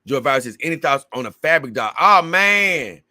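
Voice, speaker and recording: A man's voice: on the high side, animated, moderate pace, sharp tone, no echo, clean studio sound. A man hosting a casual livestream, reading viewer comments aloud and rambling to his audience in a slangy, talkative way.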